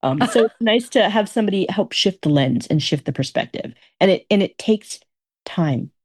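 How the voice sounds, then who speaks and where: A woman's voice: medium pitch, lively intonation, moderate pace, a little mellow, slightly rough. A woman guest telling stories in a casual conversation, often repeating her phrases. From Alaska.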